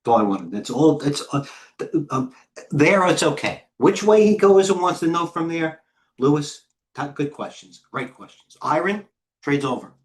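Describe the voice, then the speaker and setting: A man's voice: fairly high pitch, animated, moderate pace. Blunt, rambling man talking market trades. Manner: blunt, rambling, self-interrupting market talk. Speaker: head trader and market coach. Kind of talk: live trading stream commentary.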